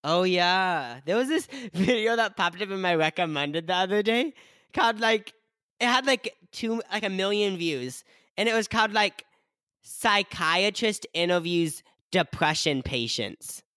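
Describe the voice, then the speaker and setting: A man's voice: high-pitched, lively intonation, measured pace, bright, forceful tone, dry recording, clean studio sound. A young man co-hosting a casual podcast, giggling often and saying "like" constantly as his thoughts trail off. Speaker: podcast co-host. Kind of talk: casual chat.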